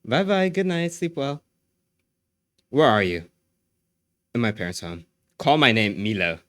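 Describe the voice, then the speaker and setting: A male livestreamer chats loosely with his viewers in an excitable, rambling way, looping the same phrases over and over. His voice sits at an ordinary middle pitch. The sound is dry and close, with no room echo. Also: unhurried. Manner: excitable, repeats phrases, laughs often. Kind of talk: casual chat with viewers.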